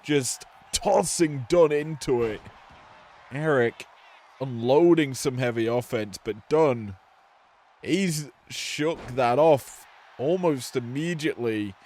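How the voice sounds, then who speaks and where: A man's voice: mid-range voice, slow pace, a little mellow. Joking male play-by-play commentator. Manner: joking, offhand asides.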